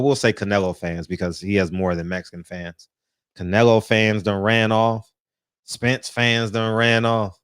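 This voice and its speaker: A man's voice: fairly low pitch, smooth, no room sound, clean studio sound. Laid-back man hosting a livestream. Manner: animated, laughing, peppers lines with "man". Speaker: host. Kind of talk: casual livestream chat. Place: home, just out of the shower.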